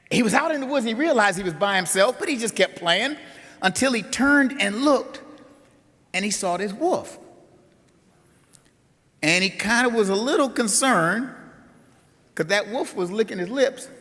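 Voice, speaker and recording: Preacher man telling a story, lively and rousing, big echoey hall sound. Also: sits high. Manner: animated, builds to a rousing close. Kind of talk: storytelling sermon. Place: large conference hall.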